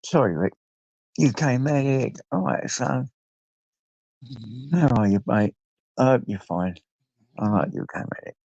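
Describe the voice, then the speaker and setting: Gravelly older English man on a late-night stream. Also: medium pitch, animated, measured pace, pauses often, darkish tone, dry recording. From England. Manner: rambling, greets viewers by name, swears freely. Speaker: livestream host. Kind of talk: late-night livestream chat. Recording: dull lo-fi stream audio.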